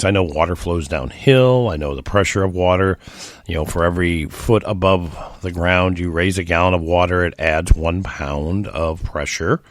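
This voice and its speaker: Low-voiced folksy American man. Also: no room sound, clean studio sound. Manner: folksy and rambling, with many restarts. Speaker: podcast host. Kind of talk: casual storytelling monologue.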